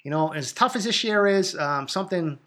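A man in his thirties hosting a podcast, talking in a rambling, profane and casual way, in a low and somewhat depressed mood. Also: lively intonation, moderate pace, a bit bright. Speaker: podcast host. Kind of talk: casual solo podcast monologue.

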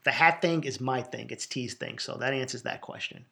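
A man with a thick Boston accent hosting a podcast, answering listener questions in a raw, emotional, profane way and talking quickly from the heart. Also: medium pitch, vocal fry, bright, forceful tone. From Boston, USA. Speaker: podcast host. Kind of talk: casual podcast Q&A monologue.

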